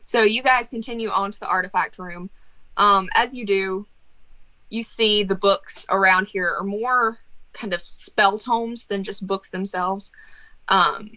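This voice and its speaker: A woman's voice: medium pitch, fairly even intonation, unhurried, sharp tone, rough recording. A young woman narrating a tabletop game as game master, casual and giggly.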